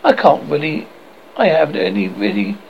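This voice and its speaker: A man's voice: on the high side, sing-song, moderate pace, vocal fry, dull audio, a little hiss or hum. A man reading aloud and voicing a timid, humble boy who asks hesitantly and plaintively.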